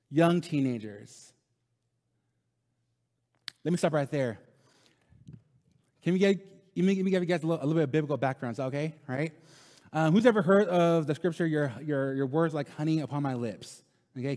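A man's voice: fairly high pitch, a little mellow, big-room sound. A man in his thirties preaching a sermon in a casual, conversational way, often tagging "right?" and repeating lines for emphasis. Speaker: pastor. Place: church sanctuary.

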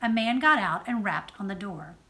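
A woman judge reading a children's book aloud with expressive storytelling. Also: medium pitch, normal speed. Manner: expressive storytelling, softer on narration tags.

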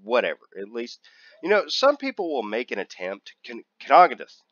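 A man's voice: medium pitch, wildly swooping pitch, moderate pace, fairly bright tone, dry recording, highs cut off. A man hosting a casual gameplay video, joking and rambling, drawing out and repeating words as he talks. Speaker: gaming channel host.

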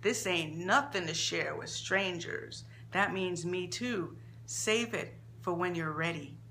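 A woman's voice: lowish voice, slow, sharp tone, slight background noise, exaggerated voice. A woman voicing a blunt, streetwise middle-aged female psychic with a folksy, plainspoken way of talking. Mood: grave.

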